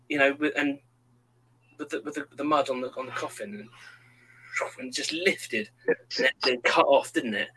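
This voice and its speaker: A man's voice: medium pitch, moderate pace, long pauses, a little hiss or hum, low-quality recording. A man in his thirties, chatting casually and acting out quotes as he tells stories. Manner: animated storyteller, acts out quotes. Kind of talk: casual chat.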